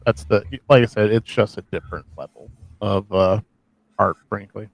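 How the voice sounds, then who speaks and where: A man with a gravelly, creaky voice chats loosely on a live stream. He rambles and jokes at his own expense. The sound is dry and close. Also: lowish voice, fairly even intonation, normal speed, dry recording. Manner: rambling, self-deprecating jokes. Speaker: co-host. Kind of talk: casual chat on a live stream.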